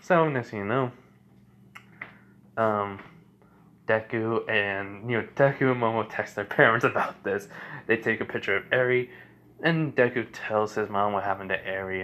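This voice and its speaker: A man's voice: on the low side, measured pace, long pauses, a bit bright, muffled recording. A young man improvising a fan-fiction story, rambling with many fillers and restarts.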